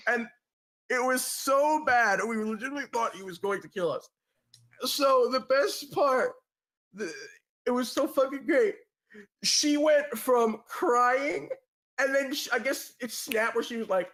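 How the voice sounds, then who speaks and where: A young man telling an animated, profane prank story on a podcast, laughing as he goes. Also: very high-pitched, a little slow. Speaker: podcast co-host. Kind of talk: casual storytelling.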